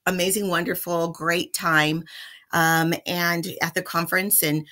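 A middle-aged woman with a lilt recounts a trip in a relaxed, chatty vlog. Her voice is bright and forward, pitched a little low for a woman, and she talks to viewers as y'all. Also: measured pace. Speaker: vlogger. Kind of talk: casual storytelling vlog.

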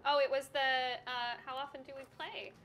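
A woman's voice: high-pitched, fairly even intonation, brisk, fairly bright tone, slight background noise. A woman player chatting on a stream, giggly as she tells stories. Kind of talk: casual chat on a livestream.

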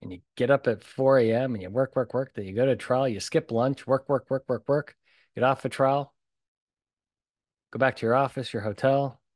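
A man's voice: medium pitch, normal speed, no room sound, studio quality. A man hosting his own podcast, talking bluntly and emphatically, with a lot of punchy repetition. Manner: emphatic and animated. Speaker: podcast host. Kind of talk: solo podcast talk.

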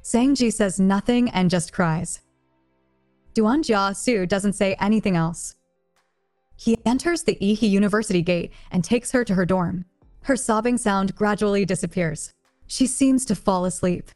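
A woman narrating a translated romance novel as an audiobook, in a plain, even read-aloud delivery. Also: mid-range voice, measured pace. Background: faint music.

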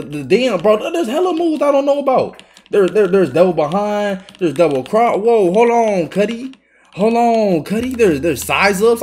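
A young man giving excitable, swearing gameplay commentary as a video host, trash talking the other players and breaking into yells. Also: high voice, husky. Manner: excitable, swearing trash talk with bursts of yelling. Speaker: gaming YouTuber.

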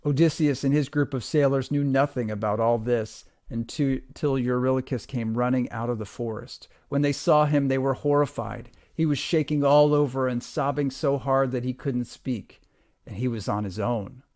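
A man, a teacher, reading a retold myth aloud to a class in an expressive, steady storytelling voice. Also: mid-range voice, normal speed, dry recording, studio quality.

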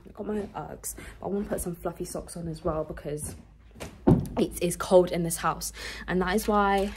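Here the same stuffy-nosed young vlogger talks to camera from a small room at home, her voice low and somewhat dark. A faint hiss or hum runs under the recording. She chatters casually, leaning on fillers and calling out "guys" again and again.

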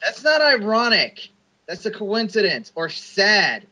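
A man co-hosts a casual podcast and rants sarcastically, swearing as he goes. His voice is husky and bright with lively pitch. The talk stays loose and biting. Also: a little slow, poor audio. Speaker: podcast co-host. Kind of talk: casual chat.

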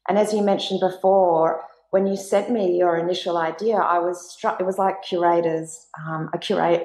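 A woman curator puts questions to a guest at a panel in measured, formal phrasing. Her voice sits somewhat low. The recording has an echoey room sound. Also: darkish tone. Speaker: curator, interviewer.

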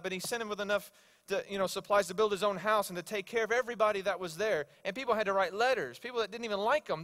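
Animated high-voiced pastor preaching. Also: male voice. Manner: animated storytelling, swings between loud and hushed. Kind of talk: sermon. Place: church sanctuary.

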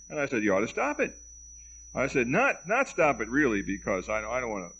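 A middle-aged man lectures with wry, dry humor, playing out both sides of the conversations in his anecdotes. His voice sits in a middle register with a gravelly edge. The old reel-to-reel tape sounds muffled and lo-fi, with a faint hiss and hum. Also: medium pitch, fairly bright tone. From United States. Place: lecture hall at a college.

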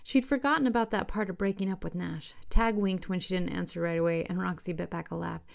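A woman narrates her own novel in a steady, unhurried way. Her voice is on the low side with a noticeable gravelly fry. It has the feel of a home-read audiobook.

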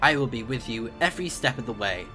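Reading game dialogue aloud, a man voices a formal, dutiful male starship AI, stiff and polite, with small stumbles along the way. His natural voice is medium-pitched and expressive, and he talks fast. Music plays in the background.

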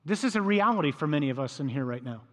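High-voiced priest preaching in a reverberant hall. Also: male voice, lively intonation, fast, a bit bright. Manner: storytelling, acts out voices of disciples. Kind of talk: sermon.

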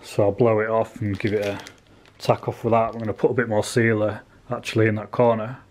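Low-voiced man in his workshop. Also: little pitch movement, fairly quick, darkish tone, a little hiss or hum. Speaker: car restorer vlogger. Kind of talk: casual narration of workshop progress. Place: home garage workshop.

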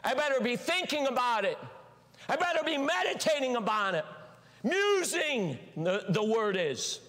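A man preaching with a high, bright voice that swings widely in pitch. He acts out voices and breaks into shouts for emphasis. His words ring out with a long reverb in a church sanctuary. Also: big pitch swings, normal speed. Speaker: pastor. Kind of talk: sermon.

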